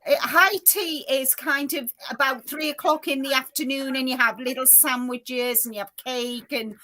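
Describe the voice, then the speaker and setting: A woman's voice: high-pitched, steady tone, moderate pace, bright, forceful tone. A woman with a South African accent hosting a casual crochet livestream, chatting and laughing easily. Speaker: livestream host.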